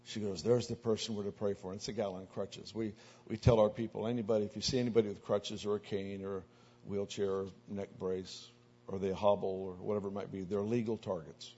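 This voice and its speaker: A man preaching as a pastor, telling anecdotal stories in a sermon and growing louder and more excited as they build. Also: on the low side, husky. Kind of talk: sermon storytelling. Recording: dull lo-fi recording.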